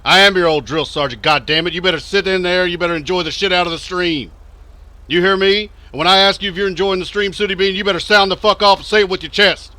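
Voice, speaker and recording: Texan man as a shouting drill sergeant, pitched up, forceful. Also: quick pace, no echo. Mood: barking. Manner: shouting orders, loud. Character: barking gruff male drill sergeant.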